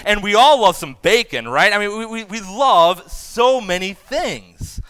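A man in his thirties preaching a sermon to first responders, animated and acting out imagined voices. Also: high voice, unhurried, clear, resonant tone, dry recording. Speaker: pastor.

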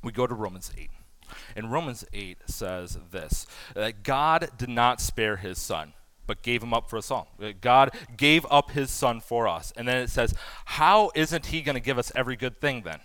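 A man in his thirties preaching a sermon to first responders, animated and acting out imagined voices. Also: medium pitch, moderate pace, no room sound. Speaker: pastor.

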